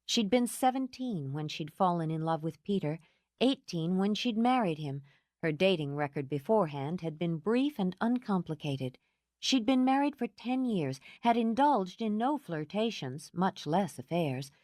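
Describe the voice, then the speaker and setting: A woman narrating a romance audiobook in an expressive storytelling manner. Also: lowish voice, moderate pace, no echo, clean studio sound. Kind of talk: scripted narration.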